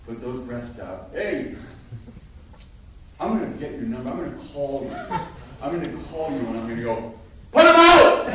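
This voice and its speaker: An older man teaching acting before an audience, an animated storyteller who stammers and restarts and bursts into loud impressions. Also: mid-range voice, slight background noise. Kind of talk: lively workshop talk. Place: large hall before an audience. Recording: echoey hall from far off.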